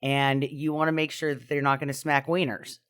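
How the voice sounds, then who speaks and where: A woman's voice: a bass voice, little pitch movement, moderate pace, clean tone. Woman riffing on absurd logic. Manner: playful, absurd reasoning. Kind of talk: casual podcast banter.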